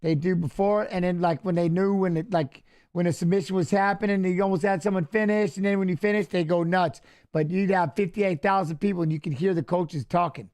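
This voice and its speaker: High-voiced man rambling on a live stream. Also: fairly quick. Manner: rambling storyteller, excitable, trails off. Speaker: watch-along host, former fighter. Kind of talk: casual live-stream commentary.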